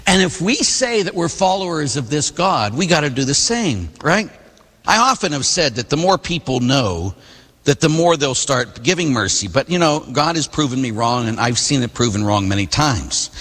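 Male priest, husky tone, animated delivery, preaching casually but with punch in a reverberant church. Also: a little high. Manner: conversational, emphatic preaching. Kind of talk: sermon.

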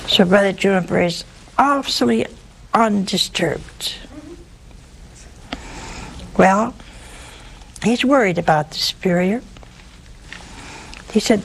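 A woman's voice: medium pitch, takes it slowly, gravelly, long pauses, low-quality recording. Lady with a bad throat telling a saint story to a crowd, homely jokey asides, faint hum behind her. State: sore throat. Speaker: religious storyteller. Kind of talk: storytelling talk to an audience.

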